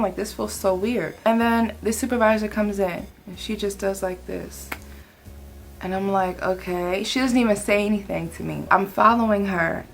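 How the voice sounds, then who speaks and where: A chatty young woman tells a work story in a casual vlog and acts out other people's lines along the way. Her voice sits at an ordinary middle pitch. Faint music plays underneath. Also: vocal fry. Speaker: vlogger telling a work story.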